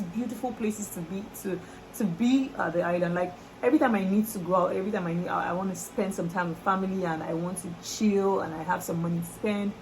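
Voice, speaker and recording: A woman's voice: mid-range voice, background noise. Chatty Nigerian woman vlogger. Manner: lively, exclamatory, laughing. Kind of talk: casual chat to camera.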